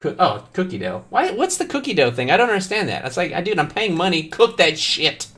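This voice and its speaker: Male game streamer, very lively pitch swings, casual and profane banter with viewers. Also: fast. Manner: animated, swears often, jokes with chat. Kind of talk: casual live-stream commentary.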